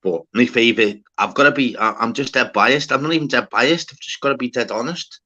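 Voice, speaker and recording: A man's voice: medium pitch, fairly quick, pushed and bright. A young man with a Liverpool Scouse accent, casually telling a rambling, sweary story and calling everyone "lad" and "mate". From Liverpool, England. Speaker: podcast host. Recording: dull lo-fi sound.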